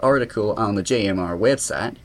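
A man's voice: fairly low pitch, fairly quick. Teasing male trivia quizmaster. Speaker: trivia segment host. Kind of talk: casual podcast chat.

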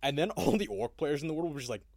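A man's voice: fairly high pitch, fast talker, dry recording, clean studio sound. A man co-hosting a podcast in casual chat, swearing freely and laughing often as he talks. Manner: profane, animated, laughs often. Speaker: podcast co-host.

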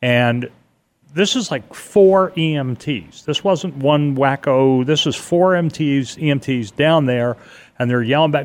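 A man in a casual chat, retelling a story animatedly, speeding up and slowing down. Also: mid-range voice.

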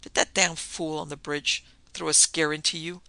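A man's voice: a little high, level tone, moderate pace, vocal fry, pushed and bright, clean tone, no room sound, heavily acted. A man voicing a brusque, hard-drinking rich husband who talks in abrupt, commanding bursts.

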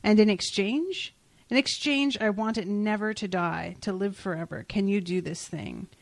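A woman's voice: mid-range voice, normal speed, vocal fry, dry recording, lightly acted. A woman voicing a regal male caliph of old Baghdad, solemn and formal. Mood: earnest.

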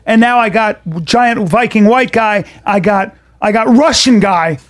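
A man's voice: high voice, a little slow. A middle-aged man co-hosting a podcast, telling a rambling, profane story and acting out the voices of the people in it. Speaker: podcast co-host. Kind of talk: casual storytelling chat.

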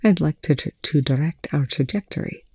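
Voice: medium pitch, fairly quick, no echo. Rush, a reader voicing a dry sardonic scientist. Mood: dry, hushed. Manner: dry, smooth, hushed hissing. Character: sardonic cool male scientist. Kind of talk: audiobook reading of fan fiction.

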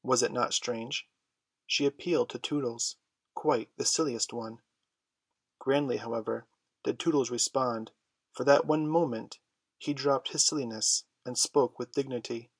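A man reading a classic children's story aloud, in a measured storytelling manner. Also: medium pitch, fairly even intonation, breathy edge, no echo. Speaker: audiobook reader. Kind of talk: storybook narration.

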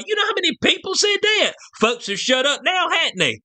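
In a very high, sharp voice, a man vlogs a slangy commentary rant at normal speed with hardly any pauses, very animated throughout. He piles on rhetorical asides and keeps checking in with "you know what I'm saying."

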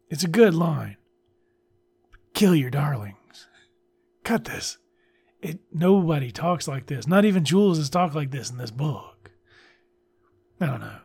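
Gravelly, husky man ranting sarcastically. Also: a little high, animated, measured pace, pauses often, a little mellow. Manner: sarcastic, blunt, swears freely. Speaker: book reviewer. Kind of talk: casual commentary.

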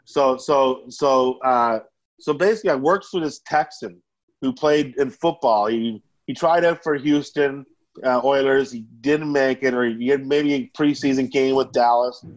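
Guy, mid-pitched, loose and profane, a natural anecdote-teller. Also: unhurried, highs cut off. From Canada. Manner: profane, rambling, animated. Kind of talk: casual storytelling.

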